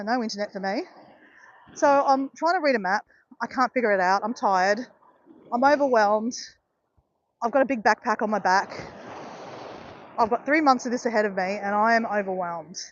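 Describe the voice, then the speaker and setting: A middle-aged vlogger chats casually while out on a walk, telling a story and checking in with her viewers, peppering her talk with "guys" and "right." Her voice sits a little high at a normal speed, and the muffled recording carries a slight hiss or hum.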